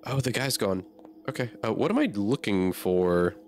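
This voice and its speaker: A man's voice: fairly low pitch, sing-song, moderate pace, a little mellow, faint music behind. A man playing a horror game and talking through it aloud, easily startled and swearing often. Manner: jumpy, swears a lot, reacts aloud. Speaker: gamer.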